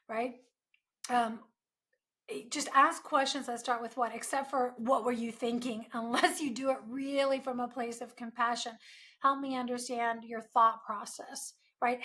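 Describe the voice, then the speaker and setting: Woman podcast host, bright and slightly high voice, earnest coaching monologue. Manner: earnest, coaching tone with frequent rhetorical asides.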